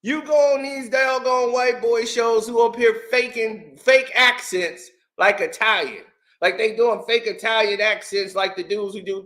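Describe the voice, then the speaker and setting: Angry male commentary host, very bright sharp tone, heated rant. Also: very high-pitched, moderate pace. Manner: angry, shouting, repetitive.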